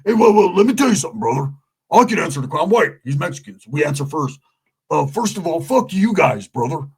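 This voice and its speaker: A man voicing a loud, brash white man who swaggers and keeps calling people brother. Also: on the high side, very animated, breathy edge, heavily acted. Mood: defiant. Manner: swaggering, belligerent, drawn-out "brother".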